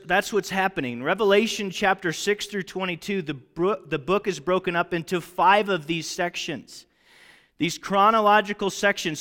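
Brief: animated preacher, high voice, chatty teaching in a reverberant hall. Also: male voice. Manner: conversational, animated with checking questions. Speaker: Bible teacher. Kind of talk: sermon teaching.

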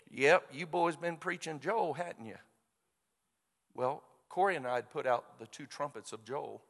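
A man preaching a sermon, telling a story with lively quoted voices. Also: medium pitch. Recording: long hall reverb.

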